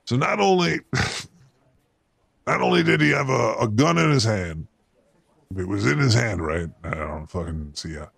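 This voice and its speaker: A man puts on an exaggerated, gravelly voice to play a paranoid, foul-mouthed cartoon rat who hosts a show, ranting crudely and in exasperation about the news. His mid-range voice is expressive and fairly bright, moving at a measured pace with long pauses and no echo.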